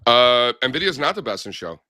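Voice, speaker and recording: A man hosting a casual market chat show, loud, playful and animated as he tells stories. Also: medium pitch, moderate pace, no echo, studio quality. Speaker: show host.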